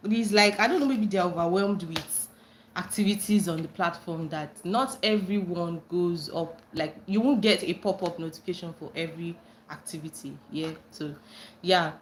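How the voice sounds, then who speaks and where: A young Nigerian woman hosting a casual livestream, reading chat comments aloud and breaking into excited squeals when friends join. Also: moderate pace, slight background noise. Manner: bubbly, bursts into high squeals greeting friends.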